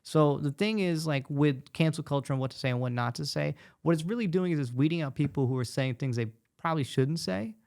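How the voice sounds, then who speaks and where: A comedian guest chatting casually, animated and quick with his asides. His man's voice sits fairly high and has a gravelly edge. He spins stories as he talks. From United States. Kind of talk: casual podcast conversation.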